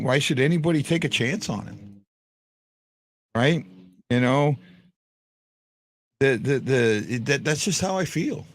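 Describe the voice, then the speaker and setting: A man's voice: medium pitch, no echo. Rambling hockey fan show host, man. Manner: rambling, many restarts and fillers. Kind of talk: casual live-stream chat.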